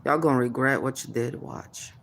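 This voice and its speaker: A woman's voice: rumbling low, steady tone, normal speed, creaky, slight background noise. Confrontational woman calling out officials. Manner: confrontational, addresses officials directly, keeps prodding "hmm?"; calls listeners "baby", spiritual warnings. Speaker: mother speaking out about child services. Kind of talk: direct-to-camera vent.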